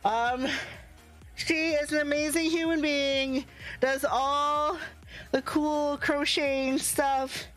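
A woman's voice: high voice, level tone, slow pace, fairly bright tone, soft background music. A young woman streamer, out of breath, greeting her chat with effusive, bubbly energy. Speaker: variety streamer.

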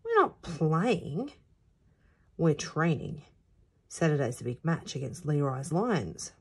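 A woman's voice: low-pitched, creaky, a little mellow, husky, exaggerated voice. Woman doing a scowling boy footballer. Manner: scowling, slow and emphatic.

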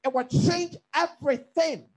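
Guy preaching a bible study, really high voice, punchy repeats, keeps asking the room stuff. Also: a little slow, poor audio. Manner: emphatic, repetitive preaching with questions to the congregation. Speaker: pastor.

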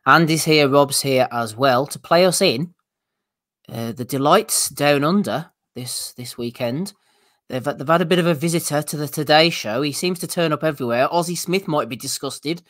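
Man, podcast host, relaxed, introduces segments. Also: medium pitch. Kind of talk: casual podcast banter.

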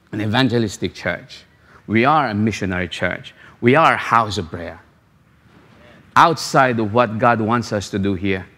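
A man pastor preaching a sermon, repeating phrases and asking rhetorical questions with halting restarts. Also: on the low side, fairly bright tone. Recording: long hall reverb.

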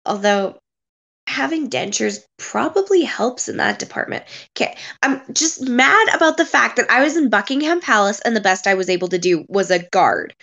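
A woman's voice: on the high side, very animated, normal speed, creaky, a bit bright, full character voice. A woman playing a vain, catty young woman who makes crude jokes. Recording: dull lo-fi sound.

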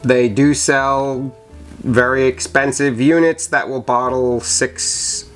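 A man giving a casual how-to demonstration of home winemaking at home, explaining each step in a relaxed, chatty way with occasional fillers. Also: mid-range voice. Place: indoors at home.

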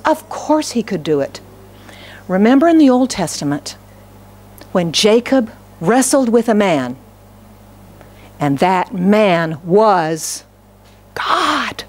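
An American woman pastor delivers a sermon in a church, her voice sitting somewhat high for a woman. She tells a homely story, breaks into laughter often, and acts out the lines of the people in it. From United States. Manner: storytelling, laughs often, animated acted quotes.

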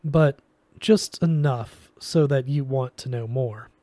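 Man voicing a calculating alien trader, measured, composed, mellow tone. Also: medium pitch, no room sound, lightly acted. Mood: sly. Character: calm, cunning male alien arms dealer.

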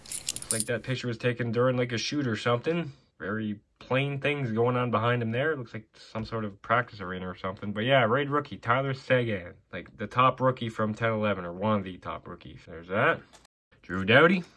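A man with a bright, forward tone talks casually while he opens hockey card packs. He reads player names off one after another and drops offhand comments between them. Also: medium pitch, brisk. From Canada. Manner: reads names off cards in a running list with offhand asides. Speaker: card collector opening packs. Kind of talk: casual box-break commentary.

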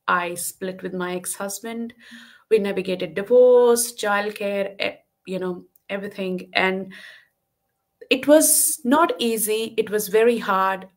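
A woman's voice: mid-range voice, a bit bright. Woman in her thirties, candid personal story, video call sound. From lives in Western Australia. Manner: earnest and candid, many fillers. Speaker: guest. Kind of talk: personal story in a live online talk.

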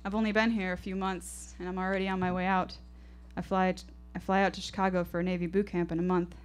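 Young woman reading her own story on stage, lowish voice, reflective. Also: flat delivery, fast, smooth. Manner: vivid, reflective first-person narration. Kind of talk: live storytelling performance. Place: stage at a live show.

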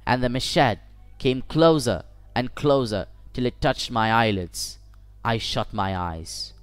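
A man narrating a first-person short story for English learners in a measured, deliberate way. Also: medium pitch, smooth, no room sound, soft background music. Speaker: audiobook narrator.

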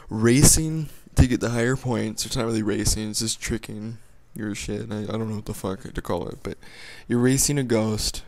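A young man rambles through casual gameplay commentary, crude and joking as he goes. His voice sits at an ordinary middle pitch, and the recording is dry and close, with no room sound. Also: a little mellow, no room sound. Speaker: gaming YouTuber.

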